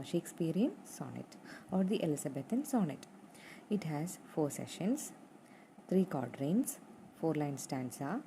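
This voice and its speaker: A young woman teaching a literature lesson, going over points slowly and repeating them with fillers. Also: deep voice, warm tone, slight background noise, rough recording. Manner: slow and repetitive, spelling out points with fillers.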